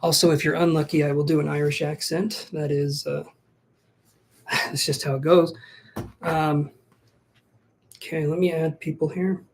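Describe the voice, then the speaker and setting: Guy doing a chill live tarot stream, chatty, jokes around, thinks out loud. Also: a little high, flat delivery, unhurried, long pauses, slight background noise. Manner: chatty, self-joking, thinks aloud. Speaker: tarot reader.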